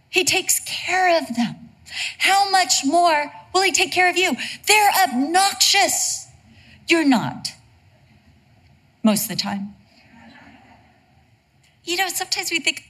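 A woman preaching a sermon in a lively, humorous storytelling way. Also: sits high, unhurried, pauses often.

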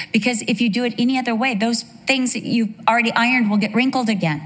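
A middle-aged woman delivers a sermon in a storytelling way, acting out the voices of the people she quotes. She drops in humorous asides as she goes. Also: mid-range voice. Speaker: women's Bible teacher. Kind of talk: sermon with personal stories.

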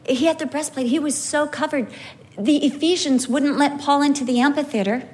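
A woman preaching a sermon in a storytelling way. Her voice sits fairly high. She stretches key words slowly and swings her pitch widely for emphasis. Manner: animated, wide pitch swings, slow emphatic phrasing.

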